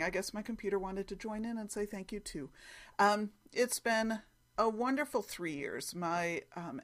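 A woman hosting her own hobby podcast in a chatty, rambling way, often correcting herself as she goes, recorded at home on a computer mic. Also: lowish voice. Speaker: podcast host. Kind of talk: casual chat.

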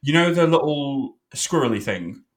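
Animated self-mocking male podcast host. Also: medium pitch, moderate pace. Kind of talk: casual chat.

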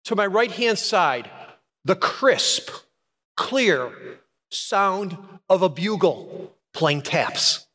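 A middle-aged man preaching a sermon, telling a personal story with dramatic pauses and repetition. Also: on the high side, a bit bright. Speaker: pastor. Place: church hall. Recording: long hall reverb.

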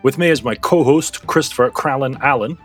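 A man's voice: medium pitch, a little fast, fairly bright tone, breathy edge, faint music behind. A man hosting a casual podcast chat, laughing often and joking with his co-hosts. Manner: laughs often, jokey and laid back. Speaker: podcast host.

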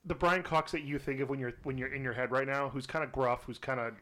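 A man's voice: mid-range voice, steady tone, fast, a bit bright. A man co-hosting a podcast, talking in a loose, rambling way with lots of fillers. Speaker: podcast co-host. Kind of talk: casual chat.

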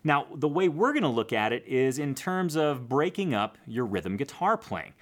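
A man giving a casual guitar lesson, explaining technique in a relaxed, conversational way and counting beats aloud. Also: medium pitch, normal speed. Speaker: guitar teacher.

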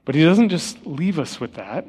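A pastor with a rather high, slightly mellow voice with a breathy edge preaches a sermon very animatedly at a moderate pace. He earnestly tells personal stories and repeats key phrases for emphasis. The church sanctuary recording has long hall reverb and faint guitar music.

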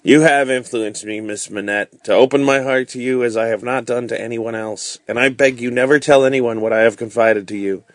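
A man reading a storybook aloud, voicing a sorrowful, devoted young man with a slow, heavy delivery. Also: mid-range voice, fairly even intonation, no echo, close to an everyday voice.

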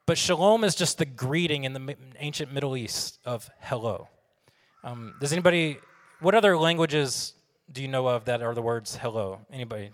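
A man's voice: on the high side, a bit bright. A man, preaching a conversational sermon to his congregation and asking them questions. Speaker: pastor. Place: church sanctuary. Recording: long hall reverb.

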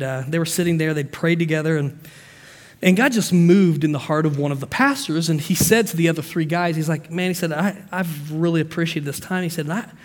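Male pastor, high voice, sermon in a long-reverb hall; storytelling turns to emphatic exhortation. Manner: preaching with stories, swings from soft storytelling to emphatic.

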